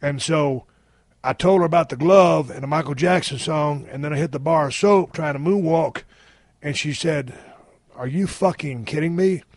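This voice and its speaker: 50-something guy ranting a story on his podcast, swears constantly, kinda high voice, super dry sound. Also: normal speed, dry recording. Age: 50s. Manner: profane, blunt, animated storytelling. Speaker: podcast host.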